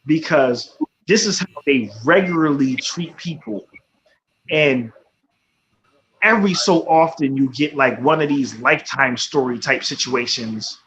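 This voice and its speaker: A man's voice: mid-range voice, unhurried, a bit bright. Blunt, profane man on talk radio. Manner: blunt and profane, peppered with "you know what I'm saying". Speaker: radio talk show host. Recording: slightly muffled, faint background noise.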